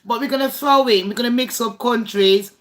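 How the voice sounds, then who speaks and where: A woman's voice: fairly high pitch, a little fast, fairly bright tone. A woman hosting a casual livestream game with her viewers, blunt and foul-mouthed. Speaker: livestream host.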